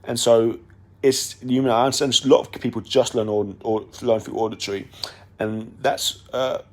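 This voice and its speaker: A man's voice: mid-range voice, little pitch movement, moderate pace. A young man talking casually on his own podcast, rambling with many fillers and restarts. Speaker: podcast host. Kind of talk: casual monologue.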